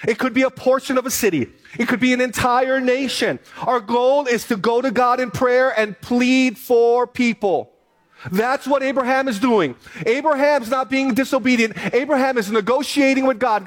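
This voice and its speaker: Reading scripture aloud, this male pastor presses his message through earnest repetition. His voice is very high, and he preaches at a normal speed.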